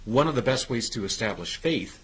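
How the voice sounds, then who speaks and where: Lively encouraging male talk-show host. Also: mid-range voice, a little fast, very noisy. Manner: encouraging, sums up and coaches. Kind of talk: motivational talk-show interview.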